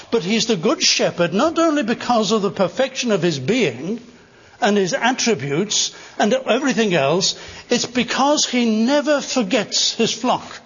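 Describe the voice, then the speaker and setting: An older man delivers a sermon in a high, husky voice, leaning hard into repeated phrases. The sound is dull and muffled, with a long reverb trailing through a large hall. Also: a bit bright. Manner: earnest, rising to emphatic stresses on repeated phrases. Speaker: preacher.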